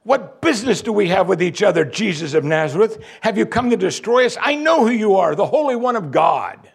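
A man voicing an exasperated male demon with loud, anguished, high-pitched cries. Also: sing-song, a little fast, vocal fry, breathy edge, heavily acted.

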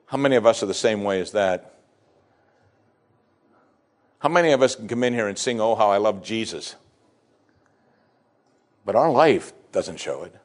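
Expressive male preacher delivering a sermon. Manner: expressive preaching, acting out scripture dialogue with sweeping pitch shifts. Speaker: pastor.

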